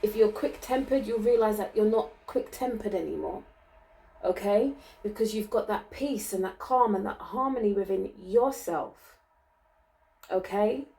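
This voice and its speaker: A woman giving a channeled card reading, gentle and reassuring, often ending her sentences with "okay?" and laughing lightly. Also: medium pitch, unhurried, vocal fry, recorded from a distance, low-quality recording. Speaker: spiritual card reader.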